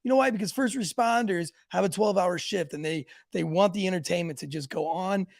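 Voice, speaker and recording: A man's voice: high voice, a little fast, gravelly, no room sound, studio quality. A man co-hosting a podcast, joking around with crude, profane banter. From Irish family roots. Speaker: podcast co-host.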